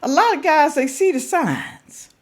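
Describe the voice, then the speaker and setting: A woman's voice: high voice, expressive, a little slow. A woman hosting a reaction video, chatting straight to her viewers in a casual, teasing way.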